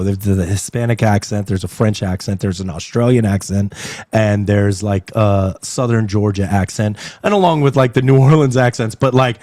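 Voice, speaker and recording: Interview guest: a man of average pitch, talkative and animated, circling back on his thoughts; dry, close-miked sound. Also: dry recording. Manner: animated, rambling with fillers and laughs. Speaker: interview guest, actor and agency owner. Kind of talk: casual interview chat. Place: club venue indoors.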